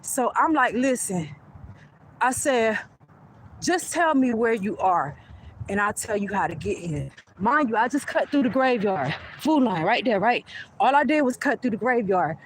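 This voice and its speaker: A woman, speaking a little high, vents a story into her phone while walking outside. She is animated and blunt and swears freely. A faint hum of passing cars sits under her voice. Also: measured pace, low-quality recording. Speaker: vlogger. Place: outdoors on a street.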